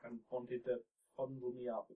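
A man's voice: medium pitch, completely flat delivery, normal speed, breathy edge, narrow, tinny audio. A man with a jokey, rambling way of talking, chatting casually with friends and recapping a tabletop game. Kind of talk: casual chat among friends. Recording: distant from the mic.

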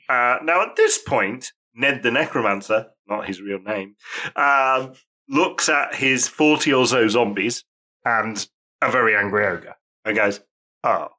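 Lively bright-voiced male game master. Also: mid-range voice. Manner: lively, laughing, profane storytelling. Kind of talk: narrating a tabletop game.

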